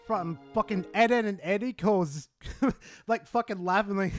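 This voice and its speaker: A young man streaming live, excitable and swearing, swinging from loud shouts to low mumbles. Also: normal speed. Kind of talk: casual live-stream chat.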